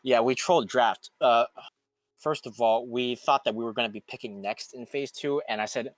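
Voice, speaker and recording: A man's voice: medium pitch, a little fast, dry recording. A man, a team player, giving a frank, rambling post-game interview over a voice call.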